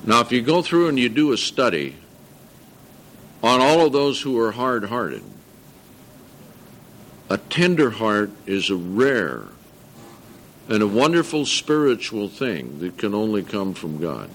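A man's voice: on the low side, very animated, a little hiss or hum. Earnest older man preaching a sermon. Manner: earnest, reads scripture slowly with emphasis, corrects himself. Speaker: pastor.

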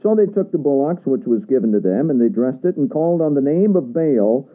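A man's voice: medium pitch, expressive, fairly quick. A man preaching a sermon, reading scripture aloud and pressing his listeners with emphatic rhetorical questions. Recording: tinny radio broadcast sound.

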